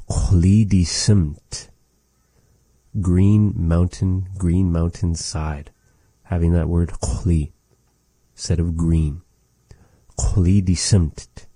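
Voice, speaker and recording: A man giving a casual vocabulary lesson, repeating each word slowly and adding chatty, joking asides. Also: sits low, warm tone, breathy edge, no echo. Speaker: language teacher.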